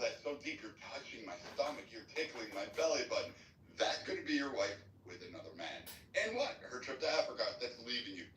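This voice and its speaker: A man's voice: medium pitch, fairly bright tone, a little hiss or hum. A man in a heated voice-chat argument, ranting angrily and swearing hard. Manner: angry, profane ranting. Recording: roomy, distant sound.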